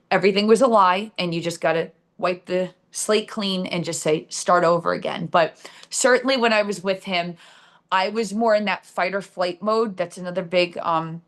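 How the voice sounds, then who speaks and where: A middle-aged show host with a New Jersey accent and a mid-range voice tells a personal story candidly on her own live stream show. Her speech is full of fillers and restarts.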